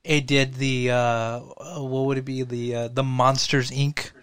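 A man co-hosting a podcast, talking casually and excitably, swearing and laughing as he goes. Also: mid-range voice, measured pace, smooth, dry recording. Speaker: podcast co-host. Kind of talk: casual chat.

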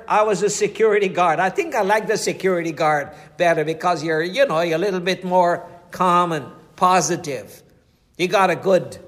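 Middle-aged male pastor, high-pitched, homespun preaching style. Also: fairly bright tone. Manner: folksy storytelling with scripture quotes. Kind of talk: preaching a sermon.

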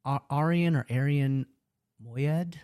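A man co-hosting a casual podcast chat. His voice has a mellow, rounded tone and sits in a plain middle pitch. He rambles, trailing off and restarting sentences, in a dry close-miked sound. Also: fairly quick, dry recording. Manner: rambling, many restarts and asides. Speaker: podcast co-host. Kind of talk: casual chat recapping a TV episode.

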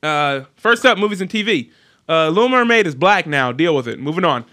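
A young man hosting a casual entertainment podcast, joking and animated as he tells stories. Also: fairly high pitch, a little fast, slight background noise. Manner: joking, animated storyteller who mimics voices. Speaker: host.

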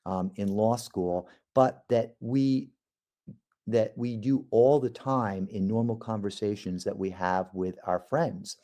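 A man's voice: fairly low pitch, mellow. A man, a trial lawyer, giving a podcast lecture on cross-examination in a conversational way, with frequent ums and uhs.

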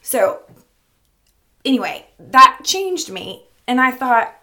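A woman's voice: sits high, big pitch swings, normal speed, pushed and bright. A middle-aged woman speaking candidly in a personal vlog, rambling and laughing often, tearful at times. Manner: rambling, laughing often, losing her thread. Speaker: vlogger.

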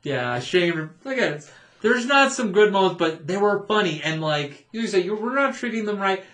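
A man's voice: high voice, animated, moderate pace, fairly bright tone, echoey room. A man telling stories in casual podcast chat, often laughing and acting out the voices of people in his stories. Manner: laughing storyteller, acts out quoted voices. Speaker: podcast co-host, former theme park cast member.

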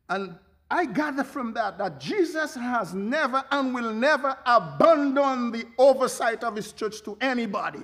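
A man's voice: very high voice, very animated, measured pace, a bit bright. A man preaching a sermon as pastor, fervent, with frequent hallelujahs and bursts of laughter.

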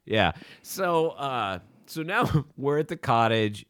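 A man's voice: medium pitch, takes it slowly, dry recording, clean studio sound. A man co-hosting a podcast, animatedly retelling a movie plot with plenty of swearing. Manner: animated, profane retelling with acted-out quotes. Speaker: podcast co-host recapping a movie. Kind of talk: casual chat.

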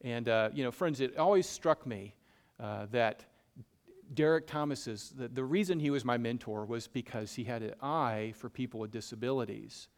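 A man's voice: medium pitch, moderate pace. A man with a Southern US accent preaching a conversational sermon, folksy and self-deprecating, often repeating a point for emphasis. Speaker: pastor.

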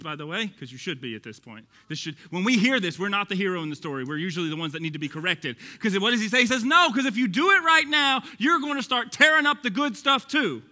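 Animated, joking pastor with a Texas twang. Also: male voice, fairly high pitch. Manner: animated, jokey, acts out quoted voices, bursts of shouting. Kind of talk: sermon.

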